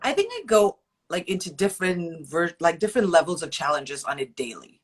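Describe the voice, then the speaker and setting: A woman guest in a casual interview, talking in an animated, slangy way and telling stories with playful quoted voices. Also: fairly low pitch, a little fast, slightly rough. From half Indian, half Sudanese heritage. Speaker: interview guest, curve model and actor.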